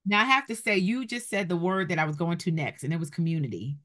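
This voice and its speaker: A woman host with a somewhat low voice puts questions to her guest. She speaks in a measured, direct way and presses for details. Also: animated, fairly bright tone. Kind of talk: interview questions.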